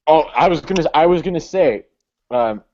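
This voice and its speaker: A man's voice: a little high, animated, normal speed, a little mellow, dull audio, a little hiss or hum. A man co-hosting a casual comic book chat, hesitant, with frequent fillers and restarts. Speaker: co-host.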